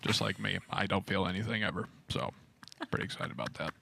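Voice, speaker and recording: A man doing an impression of a flat, gloomy older coach who mumbles in a low monotone. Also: fast, creaky, slightly rough, exaggerated voice. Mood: deadpan.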